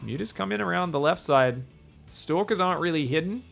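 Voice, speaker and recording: A young man casting a live game match in an excitable, jokey way, with bursts of shouting during the fights. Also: high voice, brisk, creaky, faint music behind. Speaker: esports caster.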